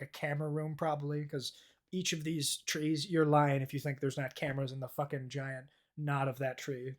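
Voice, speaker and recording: A man's voice: on the high side, a bit bright. A man streaming a game with casual, profane, rambling commentary, easily delighted by small things.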